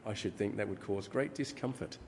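A middle-aged man preaching a sermon, teaching in a measured way with frequent ums. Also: lowish voice, background noise. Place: church hall. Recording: reverberant hall with faint ambience.

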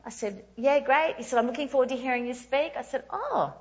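Female preacher, 30s, higher register, animated, self-mocking storyteller; lo-fi recording. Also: fast talker. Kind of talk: storytelling sermon.

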